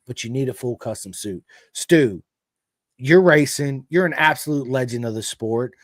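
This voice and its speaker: An American man hosting a podcast in an excitable, hyping way, his storytelling lively and loose. The sound is dry and close. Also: medium pitch, normal speed, no echo. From United States. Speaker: podcast host. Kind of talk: casual chat with ad read.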